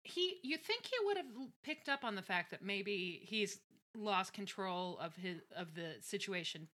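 A woman's voice: medium pitch, measured pace. A woman co-hosting a podcast, recapping a TV episode in casual, enthusiastic chat with plenty of swearing. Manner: enthusiastic, profane, animated.

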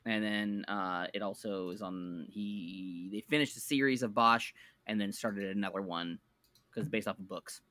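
A man co-hosting a casual podcast, talking in a low, bright voice. He rambles, restarts his sentences and sells his picks with enthusiasm. The sound is dry and close to the mic. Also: moderate pace, no echo. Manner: rambling, self-correcting, enthusiastic recommendations. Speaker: podcast co-host. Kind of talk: casual chat.

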